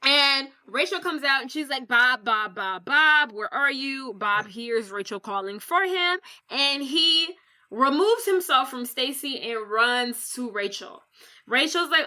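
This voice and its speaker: A woman co-hosting a podcast, recapping a film plot in a lively, casual way, acting out characters' lines and swearing freely. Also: sits high, unhurried. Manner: animated retelling with quoted voices and swearing. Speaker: podcast co-host.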